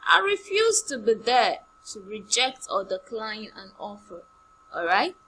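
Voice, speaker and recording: A woman teaching an online primary English class, repeating each word slowly and giving example sentences. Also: on the high side, sing-song, bright, forceful tone, a little hiss or hum, rough recording. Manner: slow, drilling words by repetition with example sentences.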